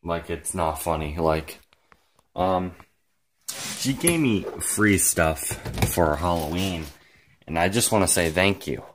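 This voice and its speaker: Slow, low-voiced man rambling excitedly. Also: slight background noise. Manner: rambling, heavy use of "like" and "frickin'"; excited and emotional, close to tears. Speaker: vlogger. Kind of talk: casual vlog talk.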